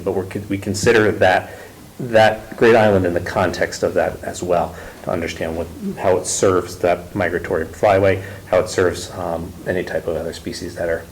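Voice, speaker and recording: Low-voiced man presenting, full of ums. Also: a little hiss or hum, low-quality recording. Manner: halting, many ums and restarts. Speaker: ecological consultant presenting. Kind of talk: public meeting presentation.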